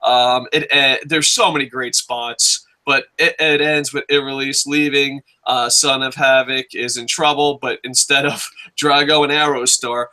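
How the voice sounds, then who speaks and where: A man in his thirties hosting a casual wrestling review, excitable and profane, breaking into jokey shouts. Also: medium pitch, a little slow, hardly any pauses. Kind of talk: casual podcast chat.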